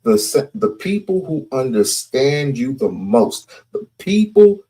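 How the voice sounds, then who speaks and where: A man's voice: mid-range voice, big pitch swings, warm tone, breathy edge. A man hosting casual commentary, talking emphatically and repeating his points. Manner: slow, emphatic, repeats himself.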